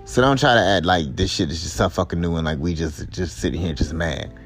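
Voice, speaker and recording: A man's voice: low voice, a little fast, faint music behind. Heated, profane male podcast host. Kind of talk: angry commentary rant.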